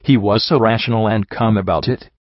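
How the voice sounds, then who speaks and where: A man narrating a first-person audiobook in a steady, introspective storytelling manner. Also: fairly low pitch, brisk, dry recording. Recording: dull lo-fi dry recording.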